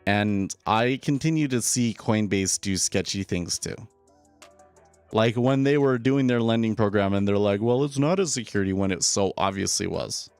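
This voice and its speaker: A man's voice: on the low side, measured pace, darkish tone, clear, resonant tone, faint music behind. A man streaming live trading commentary, casual and opinionated, often repeating words as he starts a sentence. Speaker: day trader streaming live.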